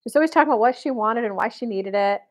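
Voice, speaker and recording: Speaking fast in a fairly high voice, this dating and spiritual coach, an adult woman and mother of boys, chats casually to camera. She tells stories in a chatty way, full of fillers.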